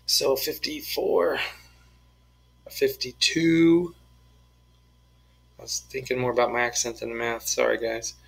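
A man's voice: medium pitch, monotone, quick pace, vocal fry, hardly any pauses, a bit bright, poor audio. A man teaching a math lesson, talking through each step of the problems in a playful, joking way. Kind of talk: screen-recorded math lesson, working problems aloud.

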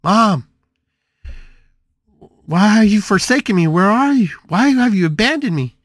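A man doing a shrill, ranting bedridden daughter. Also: expressive, a little slow, dry recording. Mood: pleading. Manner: whiny, shrill, demanding outbursts.

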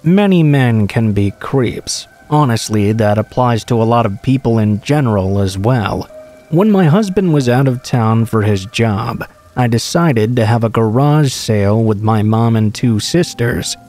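A man narrates true horror stories in a calm, even reading voice. His tone is dark and mellow, sitting at an ordinary middle pitch. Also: a little slow, faint music behind.

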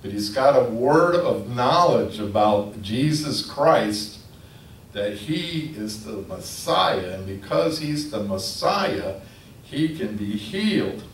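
A man preaching a sermon, telling the story in a lively storytelling manner. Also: mid-range voice, takes it slowly. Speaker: pastor. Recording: echoey room from a distance, faint noise.

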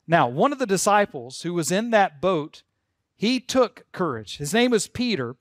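A man's voice: high voice, big pitch swings, moderate pace, no echo, studio quality. A man preaching a sermon as pastor, earnest and leading the congregation to repeat words aloud. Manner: earnest, leads congregation in call-and-response.

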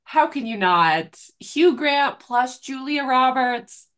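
A woman host with a fairly high voice leads a casual interview. She sounds enthusiastic and giggles easily between questions. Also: lively intonation, takes it slowly, fairly bright tone. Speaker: podcast host.

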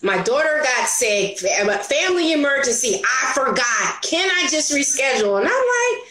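A woman entrepreneur telling stories as a guest in an interview, expressive and quick to act out the voices of people she quotes. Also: high voice, slight background noise. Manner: expressive, acts out quoted voices, laughs often. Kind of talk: animated storytelling interview. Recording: roomy echo.

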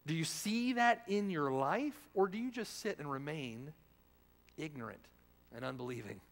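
A man preaching a sermon as pastor, firing rhetorical questions and swinging between loud emphasis and hushed lines. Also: on the high side, animated, moderate pace, creaky. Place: church sanctuary. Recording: long reverb of a church hall.

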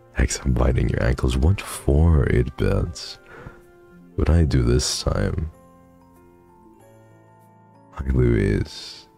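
A man's voice: rumbling low, animated, very slow, vocal fry, pauses often, warm tone, soft background music. A man streaming from home, chatting casually and thanking viewers, sleepy and swearing freely. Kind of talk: casual chat reading donations.

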